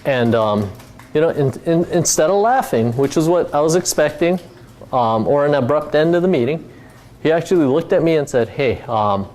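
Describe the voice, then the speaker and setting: A man's voice: on the high side, expressive, normal speed, darkish tone. A middle-aged man from Hawaii, a company founder telling his story in a casual talk, rambling with many fillers and restarts.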